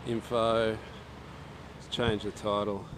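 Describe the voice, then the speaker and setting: A man's voice: fairly low pitch, flat delivery, slow, noisy background. An Australian man chatting casually on a livestream, rambling and talking to himself and his viewers. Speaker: archery livestreamer.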